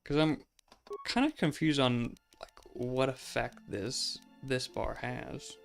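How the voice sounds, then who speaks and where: A man's voice: mid-range voice, steady tone, slow, vocal fry, soft background music. A man hosting a let's play, giving casual gameplay commentary in a chatty, musing way, often saying "like" and laughing.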